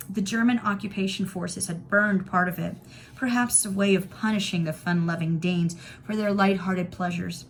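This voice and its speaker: A woman teacher reading a novel aloud to students in clear, steady storytelling. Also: medium pitch, moderate pace, a little hiss or hum.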